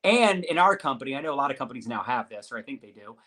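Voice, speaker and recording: A man's voice: medium pitch, lively intonation, rapid-fire, sharp tone. A man hosting a live-streamed interview over a video call, talking in an upbeat, hyped-up motivational way. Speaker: host.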